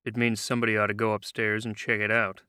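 A man's voice: on the low side, monotone, fast talker, sharp tone, smooth, no room sound. A man voicing a tough, weary ex-serviceman who speaks tersely and dryly, in a storybook reading. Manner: terse and dry.

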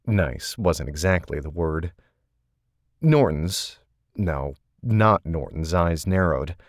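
A male narrator reads a novel with a measured, steady delivery. His voice sits very low, and the recording is close and dry with no room sound. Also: no echo. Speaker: audiobook narrator. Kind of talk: scripted narration.

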